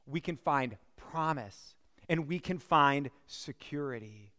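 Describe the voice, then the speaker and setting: A man's voice: fairly high pitch, expressive, takes it slowly, bright, forceful tone, in a large hall. A man preaching a sermon as a pastor, telling the story in a conversational way with frequent asides to the congregation.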